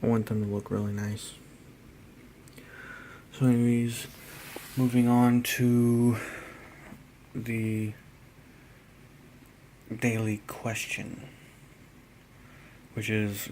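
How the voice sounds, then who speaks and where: A tired man narrating a casual hobby painting vlog, halting and rambling as he trails off mid-thought. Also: on the low side, little pitch movement, darkish tone, a little hiss or hum. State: tired, yawning.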